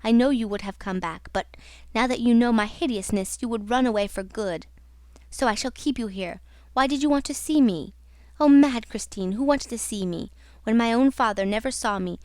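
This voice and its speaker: A woman's voice: a little high, normal speed, darkish tone, no echo, lightly acted. A woman voicing a raging, tormented masked man who roars and hisses, in an audiobook reading. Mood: anguished. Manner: roaring and hissing.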